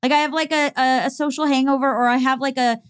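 A woman's voice: high voice, fairly even intonation, fast, clean tone. A young woman co-hosting a podcast, talking in a casual, chatty and self-mocking way, full of fillers. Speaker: podcast co-host. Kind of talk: casual chat.

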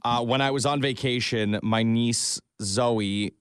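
A man's voice: mid-range voice, fairly even intonation, takes it slowly, fairly bright tone, clean tone, dry recording. A man co-hosting a radio show, chatty and enthusiastic in casual banter, on a close studio mic. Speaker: radio co-host.

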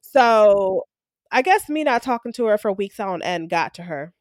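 A woman co-hosting a podcast, telling a workplace story in casual chat and acting out the people in it with lively voices. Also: mid-range voice, a little slow, no room sound, clean studio sound. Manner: animated, acts out quoted coworkers. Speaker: podcast co-host.

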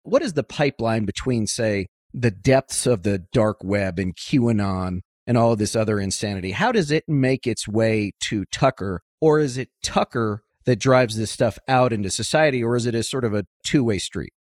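A man's voice: lowish voice, normal speed, few pauses, dry recording, clean studio sound. A man hosting a podcast interview, asking long, winding questions with asides. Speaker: podcast host.

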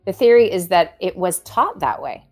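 Chatty laughing woman, a bit low. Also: normal speed, soft background music. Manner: chatty, laughs often, animated storytelling. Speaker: podcast co-host. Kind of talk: casual chat.

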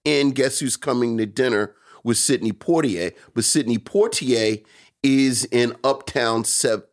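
A man's voice: medium pitch, measured pace. A man co-hosting a podcast, chatting casually and joking with his co-hosts. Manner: playful, joking, lively banter. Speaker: podcast co-host. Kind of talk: casual chat.

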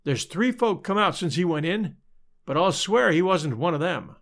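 A man voicing a quiet, businesslike young American detective in a storybook reading. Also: high voice, lively intonation, normal speed. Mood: earnest. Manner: earnest, businesslike.

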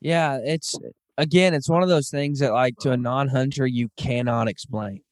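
A man's voice: mid-range voice, steady tone, normal speed, no echo. Guy in his 30s hosting a podcast, keen and earnest, lots of ums, dead dry mic. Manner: enthusiastic, earnest, with many "um"s. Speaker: podcast host. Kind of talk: casual hunting podcast chat.

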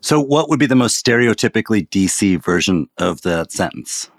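A man from Washington, D.C. with a lowish voice, hosting a podcast. He asks questions in a chatty, casual way, with plenty of "like" fillers. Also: expressive, moderate pace. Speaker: podcast host. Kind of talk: conversational interview hosting.

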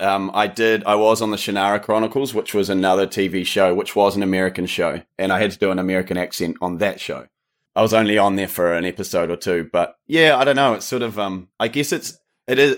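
A man's voice: deep voice, fast. A man from New Zealand with a New Zealand accent, a podcast guest chatting casually and hedging with lots of "sort of". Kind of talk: casual interview chat.

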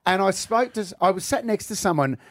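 A man's voice: sits high, lively intonation, fairly quick, no echo. A man with an Australian accent hosts breakfast radio in a slightly raised voice, teasing his guests with playful asides. The studio sound is close and dry. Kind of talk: jokey radio interview.

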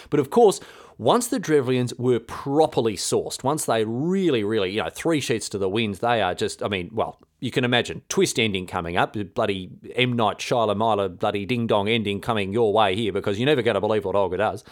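A man's voice: fairly low pitch, expressive, fairly quick. A man telling a history story in a casual, irreverent, slangy way, full of fillers. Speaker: history podcast host.

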